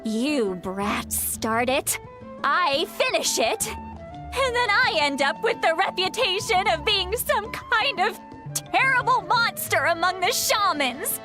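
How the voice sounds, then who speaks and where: A woman's voice: very high voice, big pitch swings, takes it slowly, over music, exaggerated voice. Tipsy, boastful granny shaman. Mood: grumbling. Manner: slurring, complaining, theatrical. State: drunk. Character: tipsy grumpy old woman shaman, boastful. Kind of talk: video game voice acting.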